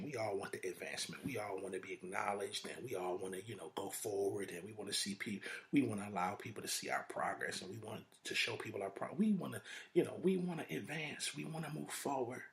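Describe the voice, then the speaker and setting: Preachy low-voiced motivational man. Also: fast, a bit bright. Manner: preacher-like, repetitive lists, rhetorical questions. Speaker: podcast host. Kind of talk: motivational talk.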